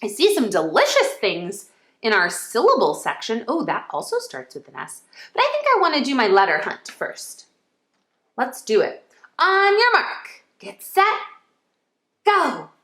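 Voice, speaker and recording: A woman's voice: a little high, huge pitch swings, moderate pace, echoey room. A woman teaching a phonics lesson to young children, cheerful and encouraging, stretching out sounds as she goes. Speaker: kindergarten teacher.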